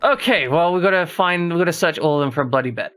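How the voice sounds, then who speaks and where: A man's voice: a little high, animated, fast, a bit bright, clear, resonant tone. A man streaming a horror game, talking casually through a puzzle and chatting to his viewers as he plays. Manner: thinks aloud while solving a puzzle, chats to viewers. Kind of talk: casual gameplay commentary.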